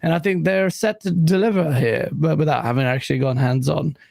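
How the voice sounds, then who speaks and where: A man hosting a casual gaming livestream panel, voice gone hoarse, blunt and swearing, laughing often and reading out super chats. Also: on the high side, fairly quick, darkish tone, dry recording. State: lost voice. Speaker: livestream host.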